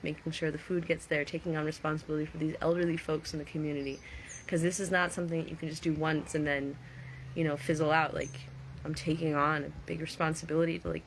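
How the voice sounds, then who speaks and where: A woman with a lowish voice chats to her viewers in a loose, reflective way, greeting them by name as she goes. A faint hum of ambient noise sits under her voice. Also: a bit bright. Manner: chatty, reflective, reads viewer names aloud. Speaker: vlogger. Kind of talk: casual live-stream chat.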